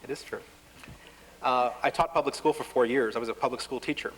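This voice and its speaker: A man's voice: medium pitch, a little fast, slight background noise, rough recording. A man speaking on a panel at a public forum in a wry, conversational way, with touches of self-deprecating humor. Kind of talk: panel discussion. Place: lecture hall forum.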